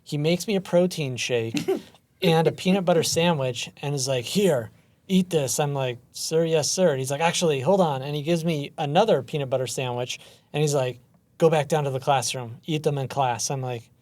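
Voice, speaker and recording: Man, podcast host, casual chat, slightly high voice, self-deprecating storytelling. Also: brisk, a little mellow, dry recording.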